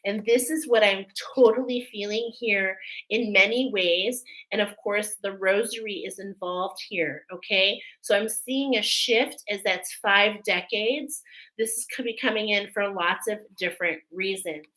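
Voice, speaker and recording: Bright-voiced woman giving a spiritual reading. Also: medium pitch, measured pace, rough recording. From Irish Catholic family. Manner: chatty, emotional, often asks "okay?". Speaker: oracle card reader. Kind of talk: spiritual card reading, live.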